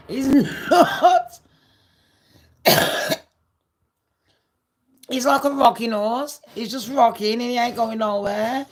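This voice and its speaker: A woman's voice: fairly high pitch, drawn-out words, pauses often. A woman vlogging gossip in a ranting, sarcastic monologue full of swearing and scorn.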